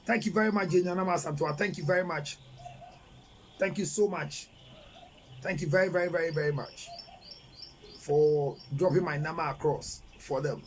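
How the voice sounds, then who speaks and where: A middle-aged man with a Ghanaian English accent works as a relationship counselor, reading viewer messages during a live-stream advice session. His voice is a little high, his pace moderate with long pauses, and there's slight background noise. His style is emphatic and preachy, full of rhetorical questions.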